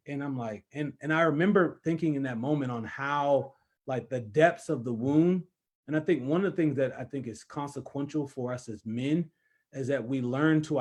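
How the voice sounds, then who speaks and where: A man's voice: medium pitch, a little mellow. Young man, conference speaker, earnest testimony, stumbles and repeats words. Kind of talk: personal testimony to men.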